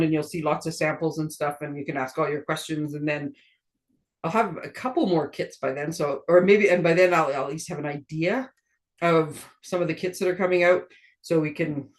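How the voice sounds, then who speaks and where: A middle-aged woman from Canada hosting a card-making tutorial, chatty and rambling, often laughing at herself. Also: sits low. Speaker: stamping demonstrator and card-making host. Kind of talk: casual craft tutorial chat.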